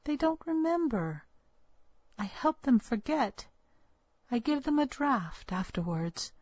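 A woman putting on a scolding village midwife from a storybook, older, secretive and bitter. The voice rides higher than the reader's own, with a husky, breathy edge and an unhurried delivery. The read is dry and a little dull, like a lo-fi recording. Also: sing-song, darkish tone, no echo, heavily acted. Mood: evasive, resolute.

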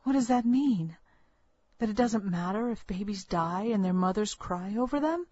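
A woman's voice: medium pitch, animated, normal speed, mellow, slightly rough, no room sound. A woman reading a story aloud, voicing a young pregnant woman who speaks in a defiant, accusing, demanding way. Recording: dull, lo-fi, dry recording.

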